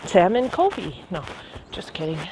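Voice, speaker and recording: Speaking in a lowish, sing-song voice at a measured pace, a woman vlogs from a nature trail. She's breathless and talkative, full of fillers and wonder, and her handheld outdoor recording picks up a lot of noise.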